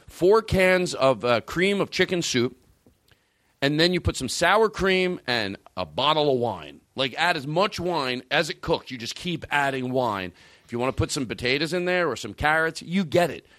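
A man hosting a comedy talk show, rambling and excitable with plenty of swearing. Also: a little high, normal speed, no room sound, studio quality. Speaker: host.

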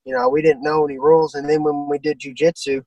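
A man's voice: a little high, little pitch movement, fast, darkish tone, no room sound, distant mic, dull audio. A man in his twenties, a guest fighter, talking in a laid-back, blunt and crude way in a casual interview. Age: 20s.

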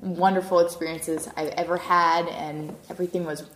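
A woman in casual chat, gushing and enthusiastic, her voice a little lower than most. The room gives back a clear echo. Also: level tone, moderate pace, a little hiss or hum. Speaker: contest winner, guest. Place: castle.

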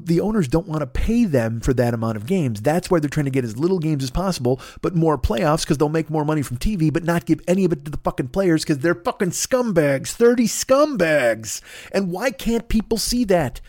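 A middle-aged man hosting a podcast, ranting angrily with constant swearing and acting out both sides of an argument in quick voices. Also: fairly high pitch, a little mellow, no echo, clean studio sound. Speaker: podcast host. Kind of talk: profane ranting monologue.

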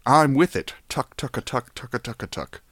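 A man's voice: mid-range voice, lively intonation, normal speed, a bit bright, dry recording, studio quality, close to an everyday voice. A man putting on the voice of a pompous, snobbish old-money rich man, a haughty, smug drawl on a comedy podcast. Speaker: podcast co-host.

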